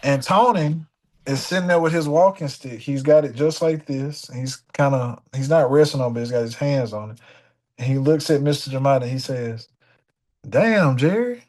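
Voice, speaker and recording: A young man telling a funny studio story in a casual sit-down conversation, animated and dropping into the voices of the people in it. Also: mid-range voice, moderate pace. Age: young adult. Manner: animated, slips into voices of the people in his stories. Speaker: guest musician.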